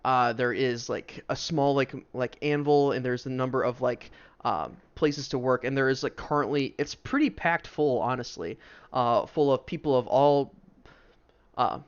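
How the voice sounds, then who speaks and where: A man's voice: medium pitch, moderate pace, clear, resonant tone, lo-fi sound. A man narrating as game master of a tabletop game, rambling with many fillers.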